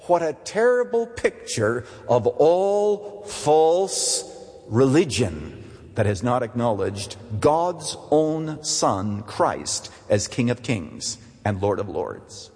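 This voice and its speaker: A man preaching a sermon as pastor, dramatic, with wide swings between loud high phrases and quiet low ones. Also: sing-song, slow pace, long reverb tail.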